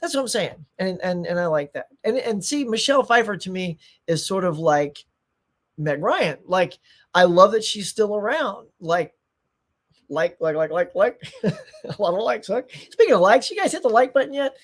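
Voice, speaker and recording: A man's voice: high-pitched, sing-song, normal speed. A middle-aged man hosting a live stream in casual chat, rambling, reading viewer comments aloud and tossing in playful asides. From United States.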